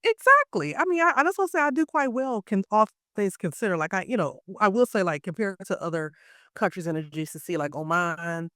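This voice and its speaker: Quick, bright-voiced American woman telling stories. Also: medium pitch, no echo, studio quality. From United States. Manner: animated storyteller, heavy use of "like", acts out quotes. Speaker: interview guest, teacher living abroad. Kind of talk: casual interview chat.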